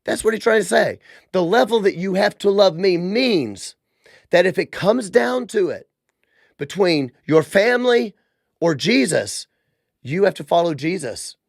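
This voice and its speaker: Podcast host, male: high pitch, gravelly texture, animated and sarcastic. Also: no room sound, studio quality. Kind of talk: casual religious commentary.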